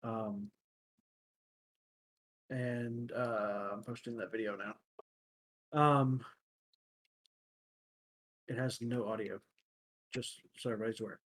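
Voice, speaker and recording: A young man hosting a casual podcast chat, telling everyday stories in a halting way, often pausing to search for words. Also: lowish voice, fairly even intonation, a bit bright. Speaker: podcast host.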